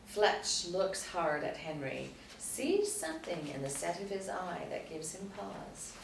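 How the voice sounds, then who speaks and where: A woman reads screenplay action lines in a steady, plain way, her voice very low for a woman. She sounds distant in a roomy space, with a faint hum beneath. The reading stays even throughout. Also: measured pace, gravelly. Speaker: narrator reading stage directions. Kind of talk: screenplay table read narration.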